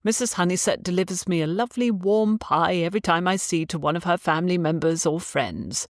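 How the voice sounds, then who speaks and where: A woman voicing a kind gentleman physician who speaks in a polished, very proper and courteous way. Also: lowish voice, a little fast, no room sound, studio quality, close to an everyday voice.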